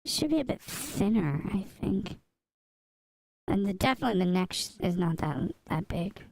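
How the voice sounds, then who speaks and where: A woman streaming as she draws, chatting casually with viewers and murmuring to herself as she works. Her voice has a creaky, gravelly texture and sounds dry and close to the desk microphone. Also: medium pitch, big pitch swings, moderate pace, darkish tone, no room sound, low-quality recording. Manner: chatty, answers chat, mutters to herself while drawing. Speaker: streamer drawing live. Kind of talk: casual livestream chat. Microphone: desk mic by a drawing tablet.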